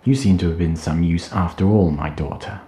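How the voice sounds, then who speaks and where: A man voicing a sinister, robed male lord who growls and shouts at a frightened young man. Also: sits low, normal speed, a little hiss or hum, lightly acted. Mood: cold. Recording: roomy echo.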